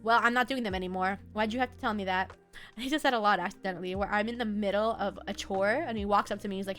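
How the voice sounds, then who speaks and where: A woman's voice: mid-range voice, steady tone, quick pace, a bit bright, soft background music. A young adult woman streaming and chatting casually, rambling from one thing to the next and laughing often. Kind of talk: casual chat.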